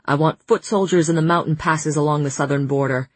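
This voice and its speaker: Female narrator doing a commanding male fae lord, husky, curt orders, storybook reading. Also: low-pitched, a little fast, no echo. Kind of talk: audiobook narration.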